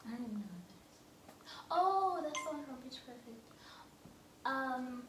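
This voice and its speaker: A high-voiced woman who talks slowly and hesitates over her guesses. She laughs as she plays with family at home. The sound is distant and roomy, with faint noise. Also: expressive. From South Africa. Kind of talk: casual family game chat. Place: home room indoors at night.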